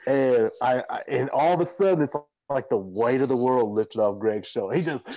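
A man's voice: mid-range voice, normal speed, hardly any pauses, no echo, rough recording. A man, a podcast host and fighter, telling a rambling, profane story in a casual chat. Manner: animated, profane, rambling anecdotes.

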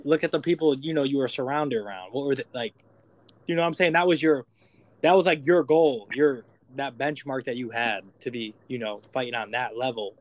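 Male podcast co-host, mid pitch, easygoing slangy delivery. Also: brisk. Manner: laid-back, slangy, lots of "bro" and "you know". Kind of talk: casual podcast chat.

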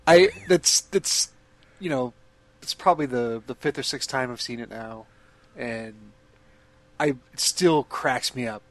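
A man's voice: mid-range voice, a little slow. A man co-hosting a casual podcast, rambling through a story and giggling throughout. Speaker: podcast co-host. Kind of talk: casual chat.

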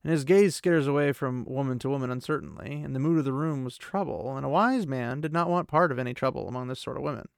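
A man's voice: mid-range voice, quick pace, gravelly, hardly any pauses, smooth, no room sound, clean studio sound. A man hosting a podcast and recapping a book chapter in a chatty, casual way full of fillers and asides. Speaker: podcast host.

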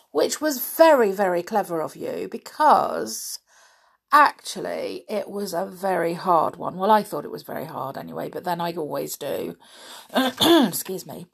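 Woman host for kids, gravelly, husky, lively sing-song pitch, gentle and unhurried. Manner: gentle, slow, with many ums and pauses. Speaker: children's show host. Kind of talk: casual chat to children.

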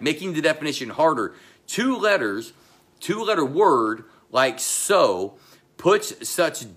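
A middle-aged pastor delivers his sermon slowly and emphatically, pausing often and suddenly dropping to a low, quiet voice. He mixes in chatty asides to the congregation.

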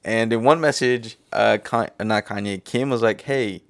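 A man's voice: on the low side, measured pace, no echo, studio quality. A man co-hosting a podcast, telling a story in loose slang with laughs. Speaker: podcast co-host. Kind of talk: casual chat.

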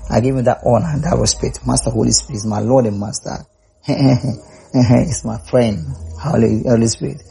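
Gravelly preacher man. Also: mid-range voice, steady tone, normal speed, mellow. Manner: rising to emphatic calls, repeats words. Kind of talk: sermon.

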